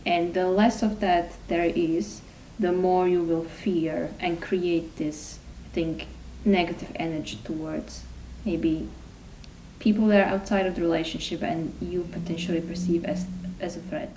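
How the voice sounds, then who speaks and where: A woman from Eastern Europe co-hosting a podcast, talking in a measured, reflective way and steering the conversation. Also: on the low side, flat delivery, dark tone, recorded from a distance, a little hiss or hum, low-quality recording. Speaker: podcast co-host. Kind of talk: casual podcast chat.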